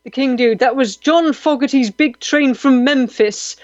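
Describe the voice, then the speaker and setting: A woman's voice: sits high, measured pace, no echo, lo-fi sound. A woman hosting a live radio show, chatting animatedly with listeners' comments and joking through anecdotes. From Malta. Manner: animated, gushing with exclamations, self-deprecating humor.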